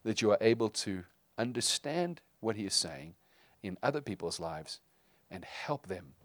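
Low-voiced man preaching casually. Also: sing-song, normal speed, dry recording. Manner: conversational, with frequent fillers and restarts. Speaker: pastor. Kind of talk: sermon.

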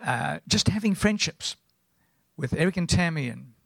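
A man in his seventies with a South African accent, preaching as a guest in a rambling, anecdotal way and often clearing his throat. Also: a little high, animated, moderate pace, fairly bright tone, no room sound. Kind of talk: sermon.

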